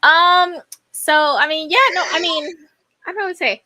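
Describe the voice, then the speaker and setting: A woman with a high, bright voice chats casually as a co-host. She answers hesitantly and searches for words. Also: moderate pace. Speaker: podcast co-host. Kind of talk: casual chat.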